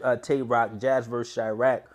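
A man hosting battle rap reaction commentary, slangy, swinging from low mutters to high, heated yelling. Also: little pitch movement, normal speed.

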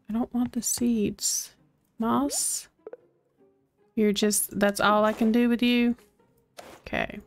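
A woman's voice: on the high side, creaky. A woman streaming a cozy game, thinking aloud in casual, chatty commentary. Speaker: gaming streamer.

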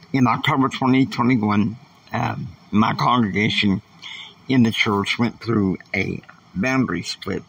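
A man hosting a faith-based motivational podcast, earnest and emphatic, often repeating himself to drive a point home. His voice is husky and sits in a middle pitch. He sounds a little set back from the mic. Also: fairly bright tone, far from the mic, rough recording. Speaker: podcast host.

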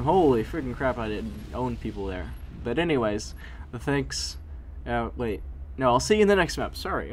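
A man giving live commentary over his own shooter gameplay, excitable and quick to exclaim and groan. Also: medium pitch. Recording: game gunfire noise behind voice. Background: video game gunfire and explosions.

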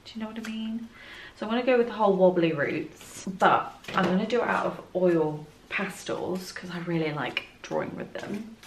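A woman's voice: lowish voice, normal speed, roomy sound, slight background noise. A woman chatting casually while she works in her art studio, thinking aloud and poking fun at herself. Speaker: art vlogger.

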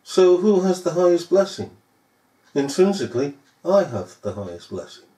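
Man preaching, scornful, sarcastic, slightly high voice, lively pitch, echoey room. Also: normal speed. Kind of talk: recorded sermon.

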